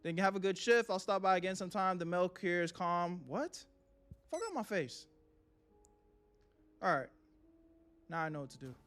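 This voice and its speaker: A man's voice: high voice, brisk, a bit bright, smooth. A young man streaming a game live, swearing and talking nervously to his chat as he plays. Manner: jittery, swearing, talks to chat. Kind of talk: live gameplay commentary.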